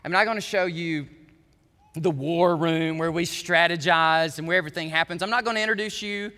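A man's voice: a little high, steady tone, fairly quick, sharp tone, in a large hall. A man voicing an earnest young football quarterback who speaks in an encouraging way.

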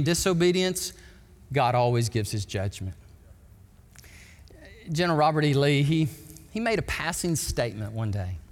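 Male pastor, sermon, higher register, emphatic storytelling delivery, reverberant sanctuary. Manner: emphatic storytelling preacher, bursts into excited acted quotes. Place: church sanctuary. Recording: long hall reverb.

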